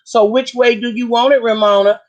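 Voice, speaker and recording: A woman's voice: a little high, steady tone, fairly quick, highs cut off. A woman in her fifties, a vlogger, giving casual commentary and recapping a show, reading bits aloud with fillers and restarts. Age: 50s.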